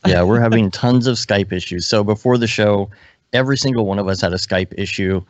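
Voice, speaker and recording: A relaxed man co-hosting a live podcast, rambling and restarting his sentences as he chats. His voice sits a bit low, and the sound is dry and dull, like a lo-fi online call. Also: fairly quick, no echo. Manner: relaxed, rambling, self-interrupting. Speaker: podcast co-host. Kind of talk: casual live podcast chat.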